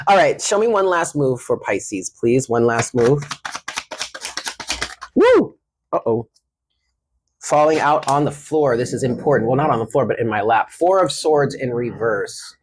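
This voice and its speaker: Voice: medium pitch, sing-song, a little slow, long pauses, slight background noise. A tarot reader giving a casual reading, affectionate and slangy, calling the listener honey and baby. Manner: chatty with frequent laughs.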